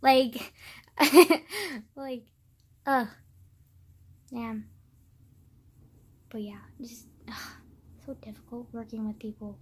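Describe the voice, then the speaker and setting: High-voiced young woman ranting sarcastically. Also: fairly even intonation, very slow, pauses often, darkish tone, slight background noise. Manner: profane, sarcastic, filler-heavy with constant "like". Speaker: vlogger. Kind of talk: casual rant to camera. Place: suburban home.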